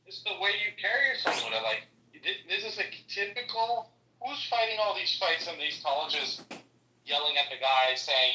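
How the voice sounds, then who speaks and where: A man's voice: fairly high pitch, lively intonation, moderate pace, background noise. A man co-hosting a podcast, blunt and teasing in casual chat. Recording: echoey room, far from mic.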